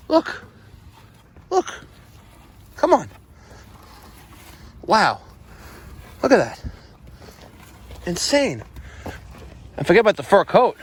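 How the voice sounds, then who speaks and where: Brief: New contractor, excited on-site vlog, slightly high voice. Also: male voice, slow, gravelly, pauses often, breathy edge. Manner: excitable, exclaiming and laughing. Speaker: plumbing and HVAC contractor. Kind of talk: on-the-job vlog. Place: outdoors at a house.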